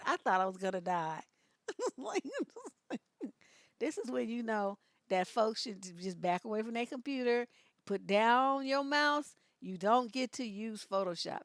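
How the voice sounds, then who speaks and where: A woman's voice: on the high side, no room sound, studio quality. A middle-aged woman hosting a live stream, laughing often and reacting with sass to viewer comments and memes.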